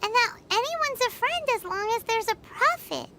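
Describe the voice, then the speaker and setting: A woman's voice: very high voice, expressive, moderate pace, background noise. A woman voicing a small, curious fairy companion in a video game who refers to herself in the third person. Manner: bright, inquisitive, talks about herself in the third person. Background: game music.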